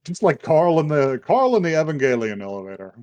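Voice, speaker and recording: A man co-hosting a podcast, casually recapping a story with lively asides and swearing, acting out characters' lines. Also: a little high, fairly quick, no room sound. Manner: animated retelling, swears, acts out characters' lines. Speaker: podcast co-host. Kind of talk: casual chat recapping a horror anime.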